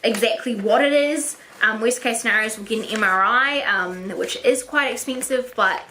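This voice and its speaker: A young woman vlogs from home, her voice a little high and very bright. She rambles and gushes, piling up repeated words for emphasis. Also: moderate pace, slight background noise. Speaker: vlogger. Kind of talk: emotional personal vlog. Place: at home indoors.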